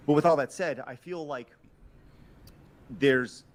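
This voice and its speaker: A man's voice: mid-range voice, takes it slowly. A man questioning a guest in an interview, hesitating and restarting with many fillers.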